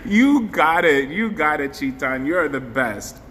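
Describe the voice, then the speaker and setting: A man's voice: fairly high pitch, pushed and bright. A man hosting a casual live stream, chatting effusively and thanking viewers by name. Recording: faint background noise, long hall reverb.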